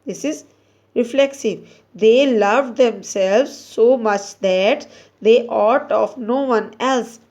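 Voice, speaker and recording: A woman teacher reading out grammar exercises and labelling each answer, slow and deliberate, correcting herself as she goes. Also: a little high, darkish tone. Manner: slow and deliberate, with frequent restarts and self-corrections. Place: Pakistan.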